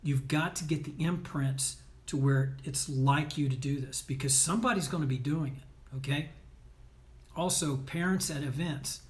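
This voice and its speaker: A male sports coach delivers a motivational talk in a fairly high voice. He is blunt and emphatic, scolds his listeners at times, and keeps punctuating his points with "right?" and "okay?". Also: steady tone, moderate pace.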